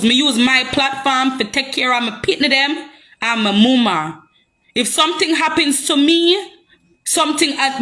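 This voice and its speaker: A woman's voice: high voice, bright, forceful tone. A young Jamaican woman ranting heatedly on a live stream, confrontational and repeating herself. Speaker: social media personality.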